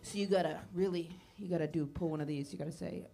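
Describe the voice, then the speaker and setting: A woman's voice: low voice, quick pace, vocal fry, warm tone. Stand-up woman from Maine, loose swearing crowd work, live club mic with audible noise. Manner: loose, swearing, riffing with the audience. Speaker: stand-up comedian. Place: comedy club stage before a live audience.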